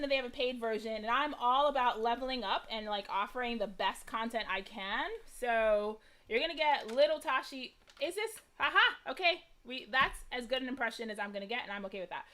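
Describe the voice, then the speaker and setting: A young American woman hosts a live crafting stream from her craft table. Her voice sits high and sounds bright and sharp. She chats casually, greets viewers by name and makes fun of herself as she works. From United States. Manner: chatty, self-deprecating, laughs often, greets viewers by name. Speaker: crafting livestream host.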